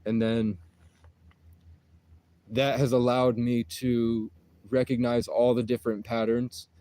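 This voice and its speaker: A man talking to camera in a rambling, intense monologue, swearing freely. His voice sits at an ordinary mid pitch. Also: little pitch movement, slow pace, warm tone. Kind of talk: casual monologue.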